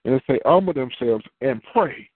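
A man's voice: mid-range voice, expressive, moderate pace, slightly rough, dry recording. A man preaching a sermon in a conversational way, asking the listeners questions and answering them himself. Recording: tinny phone-line sound, dry.

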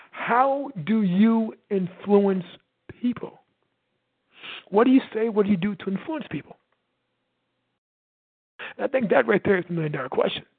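A man from the United States, a sales coach and podcast host, giving a loud, fast, energetic motivational talk. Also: sits high, husky, no room sound. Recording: tinny phone-like line, dry.

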